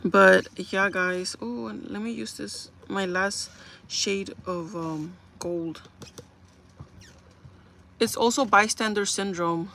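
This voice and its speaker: A young woman chatting casually to viewers on a makeup livestream, telling stories in an animated, talkative way. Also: mid-range voice, slow, vocal fry, pauses often.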